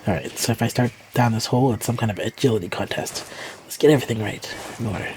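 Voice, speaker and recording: A man's voice: medium pitch, fast, darkish tone, a little hiss or hum. A man giving casual, joking commentary while playing a video game, easily surprised. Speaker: gaming streamer. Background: game music and sound.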